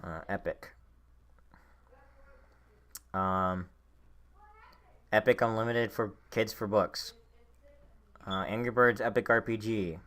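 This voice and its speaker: A man's voice: lowish voice, steady tone, slow, long pauses, pushed and bright. A young man co-hosting a casual podcast, rambling and swearing with plenty of filler words, and he has the hiccups. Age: young adult. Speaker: podcast co-host. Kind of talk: casual chat.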